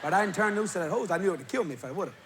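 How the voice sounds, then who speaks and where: A man preaching, telling a funny story with laughter and bursts of shouting. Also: high voice, rapid-fire. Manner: animated, laughing while telling, shouting at peaks. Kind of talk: humorous storytelling sermon. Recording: live audience with crowd noise.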